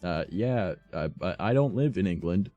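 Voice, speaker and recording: A man streaming while reading fan fiction aloud, adding profane, deadpan asides in a slightly sore voice. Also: deep voice, moderate pace, dull audio, soft background music.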